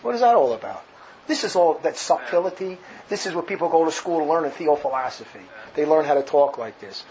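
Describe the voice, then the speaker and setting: A man's voice: fairly high pitch, lively intonation, brisk, a little mellow. A man giving emphatic, sarcastic commentary on a speech, laughing at his own jabs. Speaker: religious commentator. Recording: dull lo-fi with faint noise.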